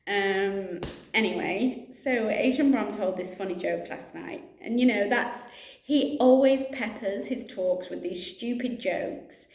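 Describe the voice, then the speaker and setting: In an echoey room, a middle-aged yoga teacher talks to camera in a casual, reflective, chatty way, her medium-pitched voice unhurried and a little mellow. She laughs easily and fills her speech with asides and fillers.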